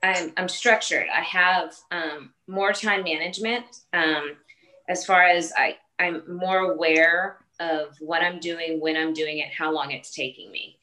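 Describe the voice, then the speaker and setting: A woman in her late forties talks through a casual interview. Her voice is on the low side but bright and forceful. She speaks earnestly in short bursts, circling back with fillers and restarts. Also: steady tone, unhurried, rough recording. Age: 40s. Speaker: fitness trainer and competitor.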